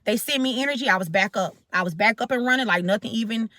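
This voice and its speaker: A woman with a high, bright voice tells a dramatic story to her viewers, repeating lines for effect. She speaks casually, and the recording is dry and close. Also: fast, dry recording. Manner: dramatic, repeats herself, addresses viewers as collective. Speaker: spiritual channel host.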